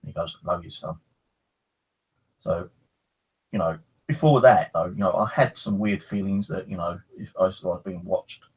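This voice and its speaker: A man with a low, husky voice talks at a normal pace, casually rambling through a first-person tale of a ghostly encounter. He's a paranormal storyteller, animated and swearing freely, and the recording sounds rough.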